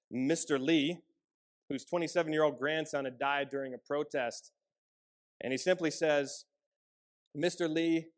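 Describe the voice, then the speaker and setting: A man preaching a sermon, telling a personal story in an earnest way and moving between loud emphasis and quiet, soft passages. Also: on the high side. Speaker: pastor.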